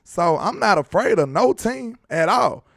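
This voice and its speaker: A man's voice: sits high, lively intonation, a little slow, gravelly, a bit bright, no room sound, clean studio sound. Laughing young man talking football. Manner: laid-back, laughs often, dialect slang. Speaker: sports show host. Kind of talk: casual sports chat.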